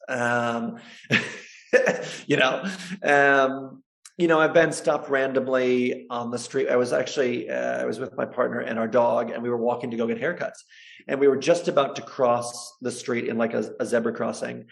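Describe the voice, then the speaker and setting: A man, a chiropractor, telling stories in a casual interview, animated and laughing often. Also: mid-range voice, moderate pace, gravelly. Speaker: guest, chiropractor and social media creator.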